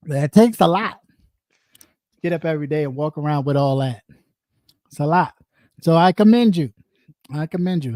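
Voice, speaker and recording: A commentary host drawls slowly through a crude, profane roast, short of breath and pausing for long eating noises. The sound is dry and close. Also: medium pitch, a little mellow, dry recording. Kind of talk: casual commentary.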